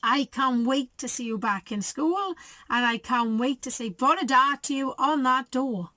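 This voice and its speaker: Teacher lady reading a kids story, slow, high and sing-song, dry close mic. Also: no echo. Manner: animated, coaxing and chatty with children. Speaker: primary school teacher. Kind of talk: storybook read-aloud for young children.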